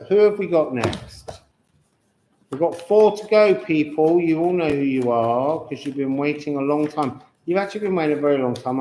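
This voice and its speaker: A man giving an unscripted card reading to viewers, slow and musing with chatty asides. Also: a little high, a little mellow, slight background noise. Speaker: tarot and astrology reader. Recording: echoey room.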